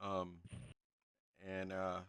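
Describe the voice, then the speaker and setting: A man's voice: sits low, monotone, extremely slow, a bit bright, clear, resonant tone, no echo, studio quality. A man narrating as game master in a casual tabletop game, laid-back with frequent ums and chuckles.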